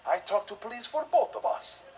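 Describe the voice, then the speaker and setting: A man voicing a gruff, menacing Russian mafia man who gives blunt, deadpan orders. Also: sits high, a little fast, voice pushed up. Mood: deadpan menace.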